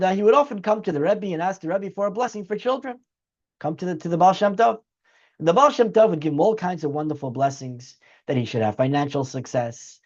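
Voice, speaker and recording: A man's voice: on the high side, darkish tone, highs cut off. A man teaching as a rabbi, telling a story in an earnest way and acting out its dialogue. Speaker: rabbi teaching a weekly class. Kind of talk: storytelling lecture.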